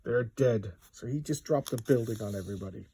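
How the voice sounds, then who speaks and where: A man's voice: mid-range voice, brisk, warm tone, slight background noise. A man in his fifties casually talking through an old comic book page by page, enthusiastic and rambling with asides.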